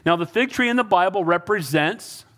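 A male pastor delivers a sermon in a notably high voice. He preaches emphatically, driving points home through repetition and calls to the congregation. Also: expressive, normal speed, bright, forceful tone.

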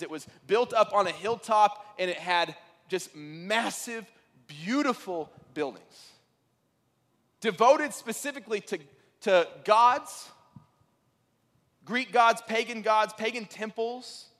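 A man preaching a sermon, telling stories in an animated way that rises to excited peaks. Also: sits high, a little slow, long reverb tail. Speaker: pastor.

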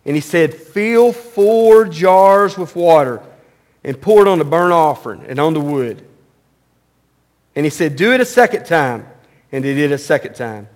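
A male pastor preaching a sermon, reading scripture and explaining it conversationally, swinging from loud and high to low and quiet. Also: measured pace. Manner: animated, rising loud and high when mocking, dropping low and quiet on solemn lines; reads scripture aloud, then explains it conversationally.

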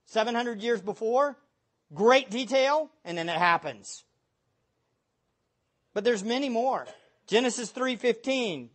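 Emphatic preacher with a lively voice. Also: mid-range voice. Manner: emphatic, building to loud exhortation; reads scripture aloud. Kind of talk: sermon.

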